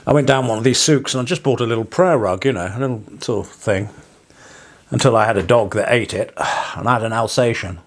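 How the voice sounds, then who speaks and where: An English parson chats casually to his viewers, drifting from one story to the next. His wry asides often end in a chuckle. His voice sits at an ordinary middle pitch. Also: a little fast. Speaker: parson and vlogger. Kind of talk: casual rambling vlog monologue.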